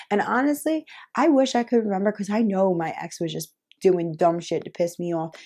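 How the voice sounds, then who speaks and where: Chatty young woman with a mellow voice. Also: mid-range voice. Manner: chatty, lots of "like" fillers, frequent laughs. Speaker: vlogger. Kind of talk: casual storytelling to camera.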